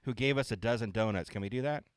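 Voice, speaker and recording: A man co-hosting a casual talk radio show, halting and stammering as he talks. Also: lowish voice, dry recording, studio quality. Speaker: co-host.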